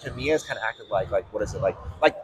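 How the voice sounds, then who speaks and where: A man's voice: lowish voice, animated, fast talker. A man hosting a casual conversation, rambling and telling stories with many fillers, over background noise.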